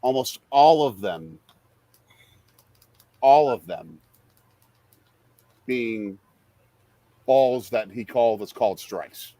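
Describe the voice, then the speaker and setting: A middle-aged man hosting a casual live-stream chat, a father who talks through a baseball game with quick excitable outbursts. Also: mid-range voice, dry recording. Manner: animated, excitable, jumps into loud outbursts. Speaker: podcast host and father.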